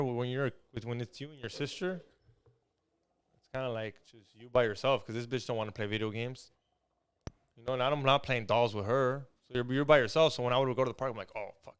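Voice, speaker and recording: A man co-hosting a podcast, joking around in relaxed, slangy casual chat. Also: medium pitch, fairly quick, smooth. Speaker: podcast co-host.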